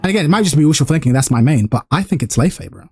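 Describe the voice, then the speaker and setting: A man streaming a casual reaction to a game trailer, excited and profane, rising higher and louder as he gets hyped. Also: rapid-fire, slightly rough, faint music behind.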